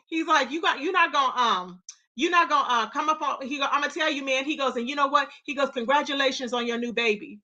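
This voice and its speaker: A woman hosting a casual live-stream gossip chat, animated and full of loud exclamations. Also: high voice, quick pace.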